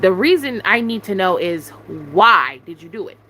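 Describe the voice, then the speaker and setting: A young woman rants straight into the mic, her voice high and sharp-edged as she swears and repeats her demands. A faint hiss of noise sits under the recording. Her pitch swings widely as the anger rises and falls. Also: sing-song, moderate pace, rough recording. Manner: confrontational, repetitive demands, heavy swearing. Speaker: YouTuber venting on a live stream. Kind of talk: angry venting rant.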